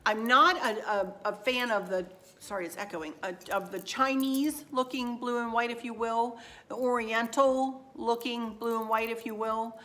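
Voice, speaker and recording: A woman's voice: fairly high pitch, fairly even intonation, moderate pace, sharp tone. A middle-aged woman chatting in a rambling, folksy way as she shows home decor finds. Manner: rambling, folksy, self-deprecating, talks straight to viewers. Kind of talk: casual chatty shopping haul. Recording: echoey room.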